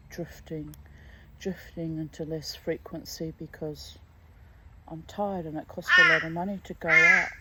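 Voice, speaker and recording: Low-voiced woman chatting candidly. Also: bright, forceful tone, a little hiss or hum, rough recording. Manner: candid, emotional and chatty, drifting between topics. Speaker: vlogger. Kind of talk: rambling personal monologue.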